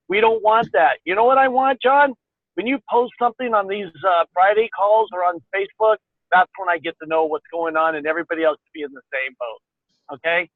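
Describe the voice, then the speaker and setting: A man's voice: high-pitched, dry recording. Blunt, profane man on a tinny phone line. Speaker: caller on a members' call. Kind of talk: casual business call.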